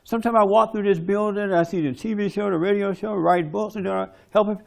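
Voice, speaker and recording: A man giving a forceful, preachy testimony talk at a men's conference. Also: high-pitched, fairly even intonation, brisk, creaky. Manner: preachy, forceful, mimics others in quoted bits.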